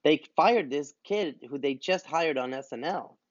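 Animated, laughing male podcast co-host. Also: a little high, measured pace, no echo, highs cut off. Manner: animated, laughs often, rambling. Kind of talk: casual chat.

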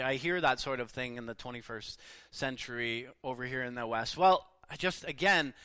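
A middle-aged man preaching a sermon in an earnest, emphatic way, pausing often and letting his endings trail off softly. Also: on the high side, dry recording.

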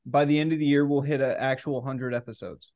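A young man chatting loosely on his podcast, swearing freely and breaking into laughter. His voice sits at an ordinary middle pitch for a man, and his delivery is relaxed and offhand. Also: fairly quick, highs cut off. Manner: loose, profane, laughs often. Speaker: podcast co-host. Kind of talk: casual chat.

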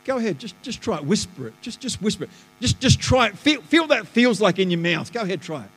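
Animated pastor in a reverberant hall. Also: male voice, sits high, quick pace, soft background music. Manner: animated, swings between loud and hushed. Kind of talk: sermon. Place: church auditorium. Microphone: live stream stage mic. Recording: live church hall reverb.

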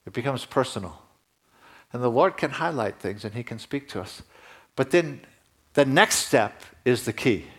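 A man's voice: medium pitch, lively intonation, moderate pace, fairly bright tone. Conversational male pastor preaching. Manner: conversational preaching, rising emphatically at key points. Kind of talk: sermon.

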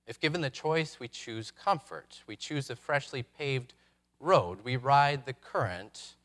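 A man preaching a sermon, reflective, posing rhetorical questions with dramatic pauses. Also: medium pitch, lively intonation, fairly bright tone. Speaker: pastor.

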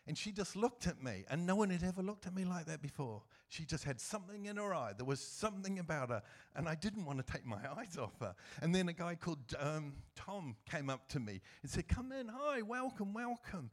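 A middle-aged man giving a personal church testimony as a guest speaker, earnest and emotional, with soft laughs as he tells his story. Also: on the high side, lively intonation, a little fast, hardly any pauses.

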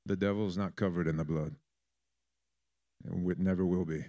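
A man's voice: sits low, steady tone, normal speed. Fervent male preacher. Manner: fervent, rising to loud emphatic peaks. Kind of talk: sermon.

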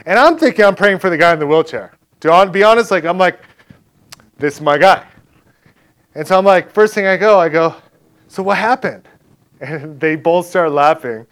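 A man's voice: high voice, brisk, few pauses, a bit bright. A male preacher telling a personal story to his congregation in a casual, conversational way, laughing often. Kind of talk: conversational sermon testimony.

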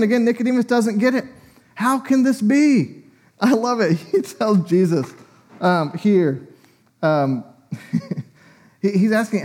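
Animated man preaching a sermon. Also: sits high. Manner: conversational, animated, laughs often.

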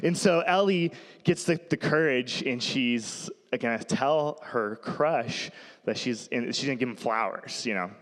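A man's voice: mid-range voice, expressive, measured pace, fairly bright tone. A man in his thirties giving a sermon, telling family stories in a casual, rambling way and laughing often. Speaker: pastor. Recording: long hall reverb.

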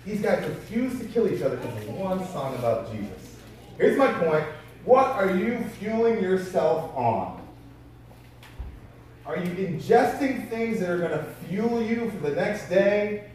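A man with a high voice preaches in a casual storytelling way, pressing his listeners with rhetorical questions. His voice booms around a big echoing hall. The mic sits well away from him. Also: sing-song, unhurried, a little mellow, slight background noise. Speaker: pastor. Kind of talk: sermon. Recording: very echoey hall from far off.

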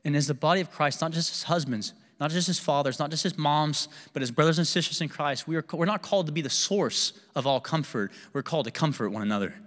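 A young adult male pastor preaching a candid, animated sermon with personal stories and laughter. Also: on the high side, fast talker, hardly any pauses, long reverb tail.

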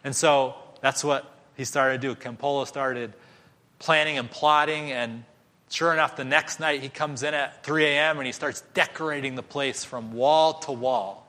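A man preaching a sermon, telling a story with animated voices for each character. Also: mid-range voice, normal speed. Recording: long hall reverb.

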